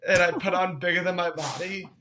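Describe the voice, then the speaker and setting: A young man, a comedian guest on a casual podcast, telling animated stories, swearing freely and acting out what people said. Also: high-pitched, fairly quick, slight background noise. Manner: animated storyteller, swears freely, acts out quotes.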